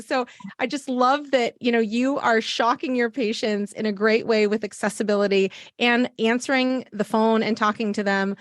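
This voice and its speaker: A woman's voice: moderate pace, dry recording. Enthusiastic woman podcast host, dry sound. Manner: enthusiastic, lively pitch jumps when telling stories. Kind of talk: casual interview talk.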